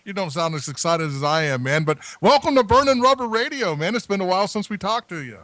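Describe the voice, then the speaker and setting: A man's voice: high-pitched, sing-song, fast talker, bright, forceful tone, no room sound. Boastful, playful male radio co-host. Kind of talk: casual radio chat.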